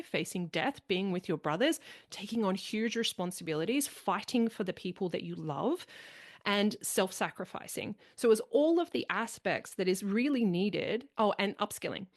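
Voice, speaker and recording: A woman hosting a podcast in casual conversation, talking animatedly and acting out the people she quotes. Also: mid-range voice. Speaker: podcast host.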